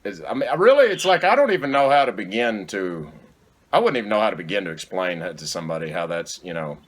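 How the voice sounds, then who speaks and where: Animated man telling gym stories. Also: fairly low pitch, quick pace. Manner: animated storytelling, frequent swearing and laughter. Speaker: podcast host. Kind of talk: casual chat.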